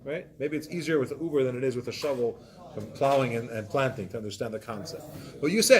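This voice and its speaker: A man teaching a Torah class, explaining points with animated examples and acted-out excuses. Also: medium pitch, fast talker. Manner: animated, acts out excuses in voices.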